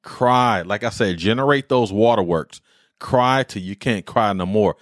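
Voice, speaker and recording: A podcast host in his forties delivers a casual monologue, telling personal stories in a rambling, heartfelt way peppered with military slang. His fairly low voice is unhurried, and the studio-quality recording is dry.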